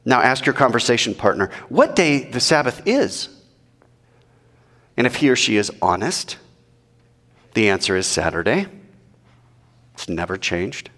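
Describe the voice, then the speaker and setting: A man preaching in an animated, rhetorical way and asking the audience questions. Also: mid-range voice, a little slow, long pauses, long reverb tail. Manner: animated, rhetorical, mock-quoting. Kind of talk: sermon.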